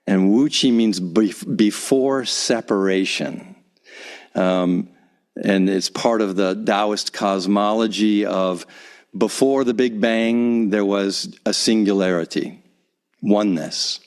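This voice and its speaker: A man teaching calm self-acceptance, guiding breathing in a slow, soothing way with soft repeated cues, recorded in a home vocal booth. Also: on the low side. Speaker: guest teacher. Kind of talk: calm guided breathing instruction.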